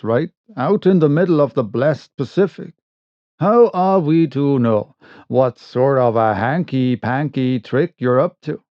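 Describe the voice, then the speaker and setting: A man voicing a blunt, steady sailor on night watch, speaking low and gruff. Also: no echo. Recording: dull lo-fi recording.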